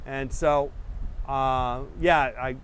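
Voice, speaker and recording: A man's voice: mid-range voice, steady tone, drawn-out words, a bit bright, clear, resonant tone. A middle-aged man hosting a painting show, chatting casually and drifting from one story to the next. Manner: rambling, digressive, easygoing. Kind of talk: casual rambling chat to viewers.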